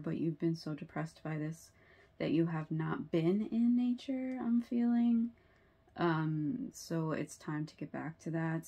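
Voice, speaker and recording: Woman tarot reader, earnest and sympathetic; low, gravelly voice. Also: mellow. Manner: earnest and sympathetic, many fillers and rhetorical "right?". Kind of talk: tarot reading video.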